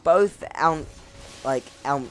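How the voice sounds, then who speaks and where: A man's voice: a little high, takes it slowly, fairly bright tone, faint music behind. A man casually commenting over his gameplay, rambling, laughing at himself, his voice cracking now and then. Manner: rambling, chuckling, self-mocking.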